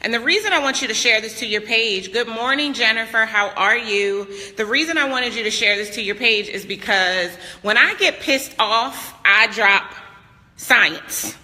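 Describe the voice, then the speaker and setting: A woman's voice: a little high, normal speed, bright, forceful tone, long reverb tail. A woman business coach talking casually and emphatically into a phone held at arm's length, greeting viewers by name. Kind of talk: casual live-stream talk. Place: vacation house, moving indoors and out.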